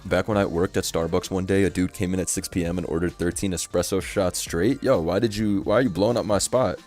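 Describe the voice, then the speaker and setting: A man's voice: deep voice, steady tone, a little fast, darkish tone, faint music behind. A young man streaming casually, talking in loose slang and laughing often. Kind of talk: casual live-stream chat.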